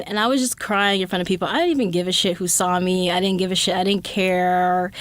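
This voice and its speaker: A woman's voice: a little high, no room sound. Woman podcast host, young, candid and profane monologue, dry close sound. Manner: blunt, profane, animated storytelling.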